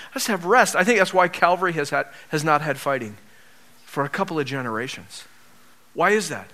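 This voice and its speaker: A man preaching a sermon as pastor, swinging from loud emphasis down to soft near-whispers, with joking asides to the congregation. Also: on the high side. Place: church.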